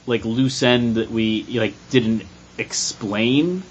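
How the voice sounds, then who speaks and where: A man in a casual brainstorming chat, thinking aloud as he pitches plot ideas with many fillers. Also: takes it slowly, breathy edge. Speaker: writer brainstorming a sketch. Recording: dull lo-fi recording.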